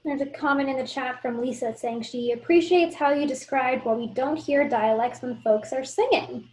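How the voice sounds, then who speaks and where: A woman hosting an online talk, briskly reading out audience questions from the chat. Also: high-pitched, a little mellow.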